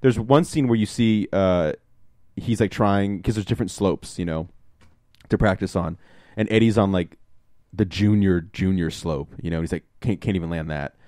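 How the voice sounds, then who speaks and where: Young male podcast host, low voice, dry close sound, rambling and profane. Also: normal speed, darkish tone, no echo. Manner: rambling, swears often, many fillers and restarts. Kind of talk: casual movie review chat.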